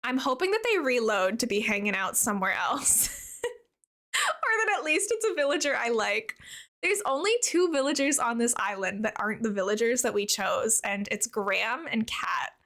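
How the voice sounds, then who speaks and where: A bubbly young woman with a high voice talks casually on a live stream. She chats with her viewers as she plays, easygoing and animated in tone. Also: moderate pace. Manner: bubbly, chatty, reads and answers chat while playing.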